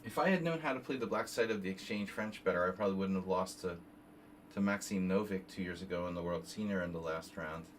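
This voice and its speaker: Reading moves aloud during a relaxed live stream, this fifties-aged man analyzes chess games and keeps rambling into side topics. His voice is deep and his delivery fast, picked up by a somewhat distant mic with faint noise behind him.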